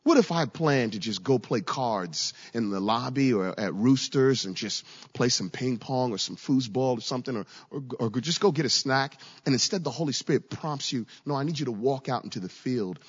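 A male preacher delivering a sermon in a storytelling way, repeating words as he builds and now and then lifting into a shout. His voice is mid-pitched and carries through a roomy hall with a long echo. The recording is dull and lo-fi. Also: moderate pace, hardly any pauses, husky. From Virginia, USA. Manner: storytelling, with frequent stammered repeats and rising shouts. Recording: echoey hall, dull lo-fi sound.

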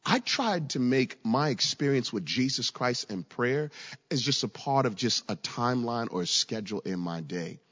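A man's voice: medium pitch, husky. A man from Virginia preaching a sermon, telling a story with stammered repeats and sudden raised passages. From Virginia, USA. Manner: storytelling, with frequent stammered repeats and rising shouts. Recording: echoey hall, dull lo-fi sound.

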